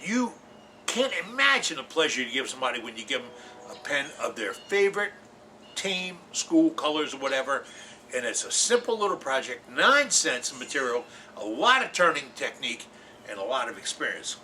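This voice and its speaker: A man's voice: medium pitch, very animated, normal speed, sharp tone, far from the mic, a little hiss or hum. A man hosting a woodturning show, talking in a folksy, emphatic instructional way and repeating his key points with jokey asides. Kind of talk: folksy instructional talk to camera.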